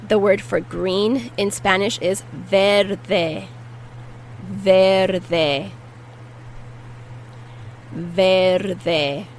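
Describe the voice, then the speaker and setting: A woman's voice: mid-range voice, steady tone, slow, vocal fry, few pauses, slight background noise, rough recording. A woman teaching a language lesson, patiently repeating each word and explaining how to pronounce it. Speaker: Spanish teacher. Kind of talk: vocabulary lesson with repetition drills.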